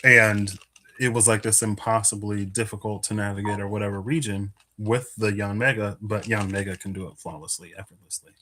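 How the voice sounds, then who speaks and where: A man's voice: fairly low pitch, steady tone, brisk, pushed and bright, a little hiss or hum. A man giving a casual live card reading, musing aloud with many fillers and little laughs, a bit out of breath. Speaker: tarot and Lenormand card reader.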